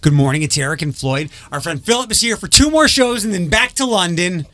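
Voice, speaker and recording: A man hosting a morning radio show, chatty and teasing in quick banter with his co-hosts. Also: sits high, animated, a bit bright, dry recording.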